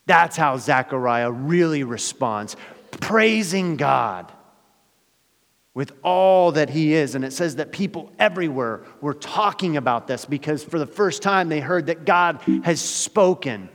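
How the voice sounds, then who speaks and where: A male pastor preaching a sermon in a dramatic way, swinging from loud emphasis to hushed asides. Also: fairly high pitch, expressive, unhurried. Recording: long hall reverb.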